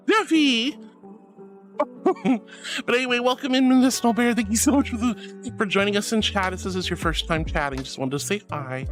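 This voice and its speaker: A woman's voice: mid-range voice, fairly quick, faint music behind. A woman streaming as a VTuber, reading chat aloud with a playful, affectionate manner and frequent laughs. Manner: affectionate, calls viewers darling.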